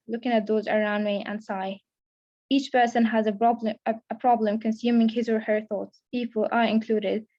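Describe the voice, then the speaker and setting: A woman's voice: on the high side, darkish tone, lo-fi sound. A young woman, a creative writing student, reading her own first-person fiction aloud steadily, with small restarts. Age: young adult. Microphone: video call.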